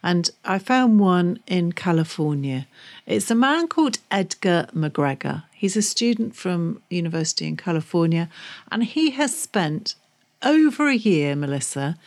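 A woman's voice: on the low side, big pitch swings, measured pace, darkish tone. A woman co-hosting a chatty podcast, telling an upbeat news story with enthusiasm. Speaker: podcast co-host. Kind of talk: casual radio-style chat.

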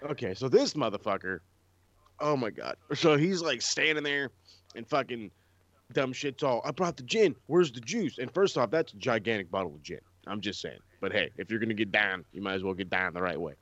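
A man's voice: fairly low pitch, animated, fairly quick, sharp tone, no echo, lo-fi sound. A man on a wrestling podcast, ranting in a casual, profane way and mimicking people he mocks. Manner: profane, ranting, quotes people in mocking voices. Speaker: podcast co-host. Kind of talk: casual chat.

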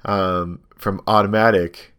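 Casual storyteller: young guy, lowish voice, animated and rambling with lots of filler words. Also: slow, smooth. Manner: rambling, animated storytelling with many ums and likes. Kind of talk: casual chat, telling a story.

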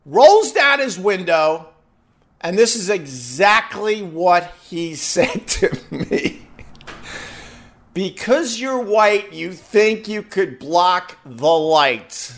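A man telling a casual, profanity-laced story to live viewers, acting out the voices of the people in it. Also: a little high. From New York. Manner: animated, acts out quoted voices, swears freely. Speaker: host chatting with live viewers.

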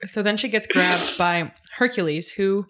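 Woman co-host, mid-pitched, casual and animated, swears and laughs freely. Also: a little slow. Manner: animated, acts out characters' lines, swears, laughs often. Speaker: podcast co-host. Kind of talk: casual recap chat.

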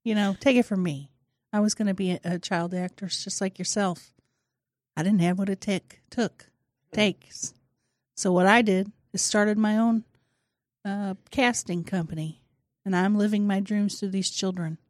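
Woman doing a brisk casting director, curt, impatient, mid-pitched, dry close sound. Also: fairly even intonation, darkish tone, dry recording, lightly acted. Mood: condescending. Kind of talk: improvised comedy sketch.

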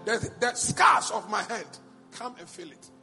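A man's voice: high-pitched, animated, a little slow, sharp tone, heavily acted. A man voicing Jesus as a tender grown man, pleading in a preached cadence, in a reverberant church hall with faint music.

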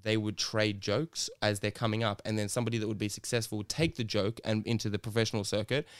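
Male podcast host, swearing and animated, telling jokes on a call. Smooth, clear voice. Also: on the low side, fast talker, no echo, clean studio sound. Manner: profane, animated, laughing often. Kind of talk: casual chat, joke telling. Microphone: video call.

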